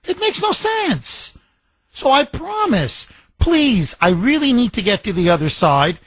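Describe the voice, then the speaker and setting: A man voicing a pleading, treacherous scorpion in a spoken fable, his voice climbing high as he begs. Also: sing-song, unhurried, fairly bright tone, husky, no echo, full character voice. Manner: pleading, rising high when begging.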